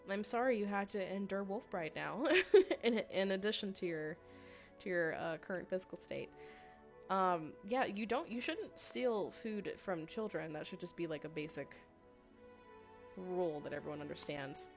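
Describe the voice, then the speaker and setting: A woman's voice: lowish voice, moderate pace. A woman streaming a story game, narrating the text aloud and cracking wry, joking asides while reading chat. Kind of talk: casual commentary with reading aloud. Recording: slightly dull lo-fi audio, faint music.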